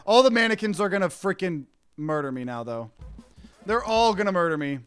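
A woman's voice: fairly low pitch, expressive, a little fast, faint music behind. A woman streamer reacting to a horror game, jumpy, shrieking and swearing at every scare. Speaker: gaming streamer.

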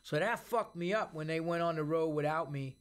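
A middle-aged man with a New York accent telling profane, animated stories in a casual interview. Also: fairly high pitch, a little fast. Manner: profane, animated storyteller who acts out quoted voices. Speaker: podcast guest.

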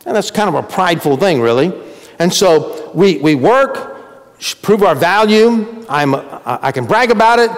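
A man preaching a sermon as pastor in a conversational way, swinging between emphatic rises and quiet drops. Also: high voice, expressive, normal speed, long reverb tail. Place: church sanctuary.

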